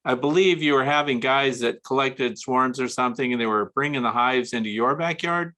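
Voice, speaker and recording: A man's voice: mid-range voice, fairly quick, sharp tone. A man hosting a casual interview, chatty and curious, asking follow-up questions. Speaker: interviewer host.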